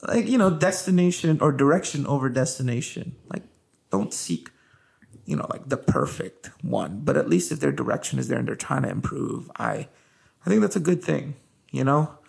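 Gravelly man chatting with laughs. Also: medium pitch, moderate pace. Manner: animated, laughing, loaded with fillers. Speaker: podcast host. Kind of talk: casual podcast chat with his wife.

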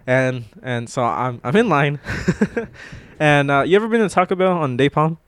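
A man's voice: a little high, lively intonation, measured pace, clean tone, no room sound. A young man co-hosting a casual podcast at home, telling slangy stories with frequent laughs. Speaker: podcast co-host. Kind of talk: casual chat. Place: home room.

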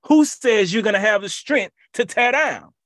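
Emphatic preacher man, lively pitch. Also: moderate pace, no room sound, studio quality. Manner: emphatic, repetitive preaching with rhetorical questions. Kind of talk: sermon.

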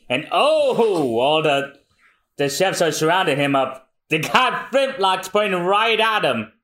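A man narrating a manga read-through at a slow, halting pace. His voice is bright and lively in pitch, and he stops often to find his place. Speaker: podcast co-host.

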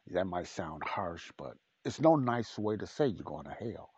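A man's voice: low-pitched, sing-song, measured pace, hardly any pauses, a little mellow, husky, dry recording, dull audio. A man preaching a podcast sermon in a blunt, repetitive, emphatic way.

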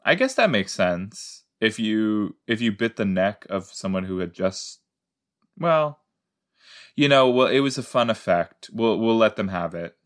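A man chats casually as a podcast host. He rambles playfully and mocks himself. His pitch moves a lot, and he takes his time. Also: lively intonation, measured pace. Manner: playful, rambling, self-mocking. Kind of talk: casual rewatch commentary.

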